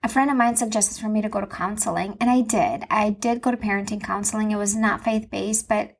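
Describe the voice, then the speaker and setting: A woman's voice: medium pitch, fairly even intonation, a little fast, gravelly. A woman in her thirties hosting her own podcast from home, speaking in an earnest, confessional way with emphatic repetition. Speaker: podcast host and Christian mom coach. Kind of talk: personal podcast monologue.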